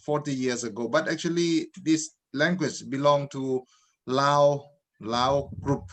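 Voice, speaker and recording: A man with a Thai accent speaks politely and slowly as a guest in a panel discussion. He hesitates often and leans on fillers while building his explanation. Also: mid-range voice, fairly even intonation, a bit bright. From northeastern Thailand. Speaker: guest lecturer.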